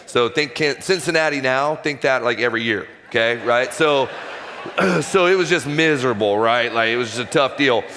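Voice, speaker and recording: A man's voice: mid-range voice, moderate pace, bright, forceful tone, big-room sound, slight background noise. Self-deprecating man telling his story. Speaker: guest speaker, former baseball pitcher. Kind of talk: personal testimony talk in church. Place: church auditorium stage.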